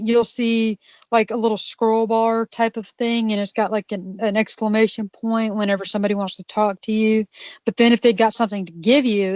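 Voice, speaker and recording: A woman's voice: mid-range voice, no room sound. A woman co-hosting a podcast in casual chat who laughs often and jumps in readily. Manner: laughs often, quick to jump in. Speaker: podcast co-host. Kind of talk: casual chat about games.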